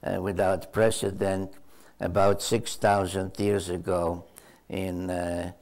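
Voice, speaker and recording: A man's voice: sits low, level tone, slow pace, darkish tone. An older male author giving an unscripted storytelling answer to a question, hesitant and full of uh fillers and repeated words.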